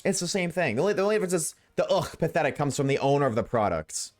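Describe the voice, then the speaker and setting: A man with a slightly high voice streams a game over faint background music, very animated and talking very fast. He chats with viewers as he plays, ranting casually and bluntly to live chat and swearing freely.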